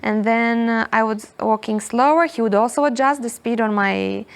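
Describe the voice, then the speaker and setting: A young woman, telling a story as a podcast guest in a hostel, animated and repeating herself often. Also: a little high, moderate pace, gravelly, clean tone. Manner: animated, repeats words, frequent "you know". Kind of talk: casual storytelling in English.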